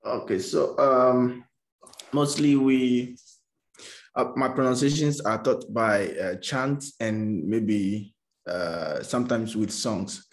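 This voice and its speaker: A man's voice: medium pitch, slow pace. Hesitant man teacher explaining his methods. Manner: hesitant, many "uh" fillers. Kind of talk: sharing classroom experience in a discussion.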